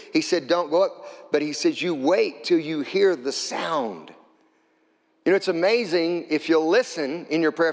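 High-voiced man preaching a sermon. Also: in a large hall. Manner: preaching with scripture quotes, rising to shouts at climaxes. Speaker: pastor.

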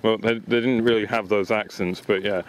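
A man's voice: lowish voice, fairly even intonation, brisk, slight background noise. Casual male vlogger, jokey and profane, on the camera mic at an outdoor pool. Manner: joking, swearing, laughing often. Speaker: vlogger filming a friend on an inflatable. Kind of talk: casual chat. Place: outdoor swimming baths. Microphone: handheld camera mic.

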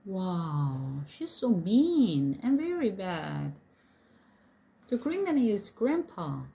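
Casting: a woman with a dark, husky voice and lively pitch, speaking slowly to a child reader. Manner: soft, short reactions and questions. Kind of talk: casual comments on a story being read.

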